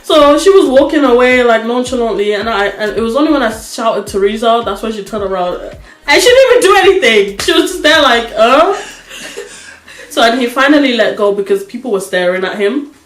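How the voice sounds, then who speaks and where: Young woman, vlogger, casual storytime, animated, laughs a lot, fairly high voice, echoey room. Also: brisk. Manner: animated storytelling, laughing often, acting out quotes.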